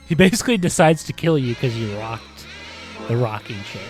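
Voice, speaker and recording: A man's voice: medium pitch, lively intonation, moderate pace, a little mellow, faint music behind. A man hosting a podcast, rambling casually and filling his talk with "like" and "you know". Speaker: podcast host. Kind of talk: casual retrospective monologue. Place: in front of a green screen.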